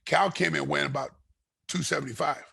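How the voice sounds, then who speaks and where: A man guest in an interview, telling a long story with animated energy, voicing other people in it, often repeating and restarting his words. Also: a little high, brisk. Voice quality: gravelly, raspy. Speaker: guest, retired fighter.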